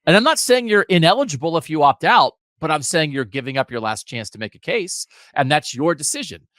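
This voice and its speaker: Emphatic man arguing, lively pitch. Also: dry recording. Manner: emphatic, argumentative, rapid asides. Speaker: podcast co-host. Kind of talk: casual sports talk.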